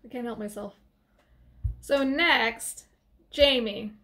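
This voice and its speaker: A young woman talks through a film plot in a loose, chatty manner, dropping sarcastic asides as she goes. Her voice sits high and bright for a woman. She speaks to a desk camera in a room at home. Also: takes it slowly, a little hiss or hum. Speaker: movie reviewer. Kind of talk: casual video review.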